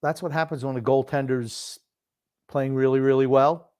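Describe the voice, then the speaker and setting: A man's voice: medium pitch, fairly even intonation, normal speed, darkish tone, clear, resonant tone, dry recording, studio quality. An older man co-hosting a podcast, chatting casually about hockey in a blunt, grumbling way. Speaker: podcast co-host. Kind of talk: casual sports chat.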